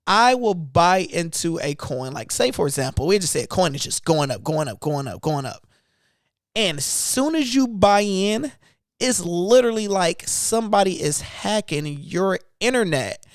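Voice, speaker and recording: A man's voice: high voice, very animated, moderate pace, dry recording, studio quality. A man hosting an investing channel, chatting loosely about his trades in casual speech. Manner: loose and conversational, talking through trades. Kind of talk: casual livestream chat.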